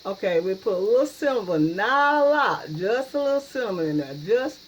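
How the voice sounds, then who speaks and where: A woman's voice: fairly high pitch, lively intonation, a little fast, a little hiss or hum, low-quality recording. Folksy woman cooking at home. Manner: folksy, repeats "y'all" and "yes, indeed". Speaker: cooking channel host. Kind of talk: casual cooking video. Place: home kitchen.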